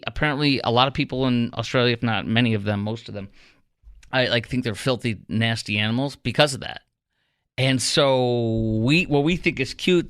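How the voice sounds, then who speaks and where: Animated talk radio host, bright voice. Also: male voice, mid-range voice, smooth, dry recording, clean studio sound. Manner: animated, rambling, teasing questions to the producer. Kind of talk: casual talk radio monologue. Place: radio studio.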